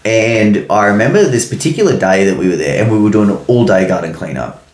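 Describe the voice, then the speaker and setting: A man's voice: lowish voice, expressive, fairly quick, darkish tone, echoey room. A man co-hosting a podcast, telling a story loosely with lots of fillers and swearing. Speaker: podcast co-host. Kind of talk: casual chat.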